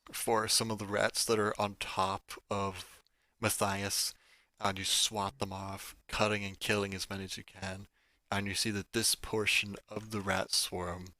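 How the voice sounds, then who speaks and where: A man's voice: lowish voice, level tone, measured pace, sharp tone, no echo. A man running a tabletop game as game master, narrating the action casually and peppering it with "like". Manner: casual, filler-heavy narration with frequent "like".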